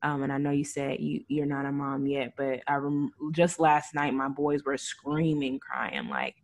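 A woman's voice: extremely low pitch, expressive, measured pace. A woman in her thirties, a mother, hosting a podcast and speaking in a conversational, slightly hesitant way. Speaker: podcast host.

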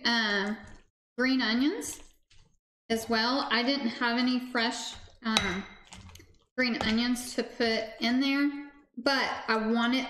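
A woman's voice: a little high, a bit bright. A woman hosting a casual cooking livestream, chatting with viewers while she cooks. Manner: bubbly, talks to chat viewers while cooking. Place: home kitchen. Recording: echoey kitchen, faint background noise.

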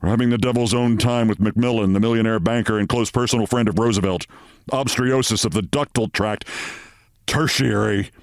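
Harried male doctor, low, brisk, worried, voiced by a man. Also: steady tone, no room sound, studio quality, close to an everyday voice.

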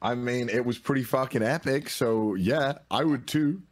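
A man's voice: medium pitch, moderate pace, crowd noise. A young man streaming live, chatting casually with a teasing, blunt manner and a lot of swearing.

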